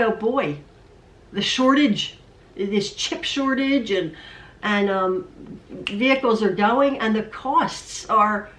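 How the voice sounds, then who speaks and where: A female quilting vlogger chats casually in her home sewing room, rambling, repeating herself, and stammering. Her medium-pitched voice is recorded off-mic from a distance, so the sound is roomy.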